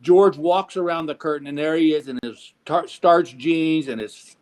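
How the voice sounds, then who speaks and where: A man's voice: fairly high pitch, moderate pace. A man, a comedian, telling a self-mocking anecdote in a podcast interview. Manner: self-mocking, animated storyteller. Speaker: comedian guest.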